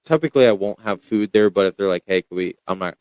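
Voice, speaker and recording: A young man chatting casually as a podcast guest, telling stories in a rambling, animated way with lots of fillers. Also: sits low, quick pace, clean tone, no room sound. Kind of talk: casual chat.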